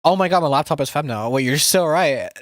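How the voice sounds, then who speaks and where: A fast, expressive, slightly high male voice comes through a very noisy recording. He's a young music producer chatting with his stream as he works, rambling, cursing often, running himself down and restarting lines again and again.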